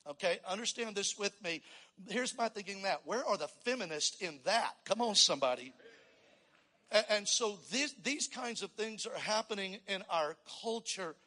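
A man's voice: sits high, normal speed. A male pastor preaching a sermon with energy, calling on the congregation to answer back. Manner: energetic, calls for congregational response. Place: church sanctuary. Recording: long reverb in a church hall.

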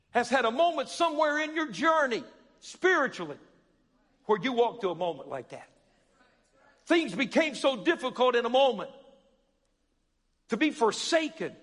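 A man preaching a sermon, calling out to the congregation and rising to shouts. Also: extremely high pitch, big-room sound.

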